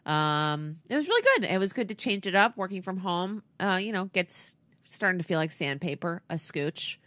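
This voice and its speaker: A woman in casual chat, trading playful quick quips. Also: fairly low pitch, a bit bright, no echo.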